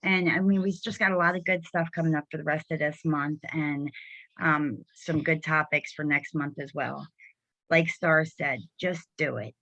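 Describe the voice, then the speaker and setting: A woman's voice: sits low, fairly even intonation, normal speed, sharp tone, dry recording. A middle-aged woman hosting a casual video call, encouraging and enthusiastic. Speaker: host. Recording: dull lo-fi video call audio.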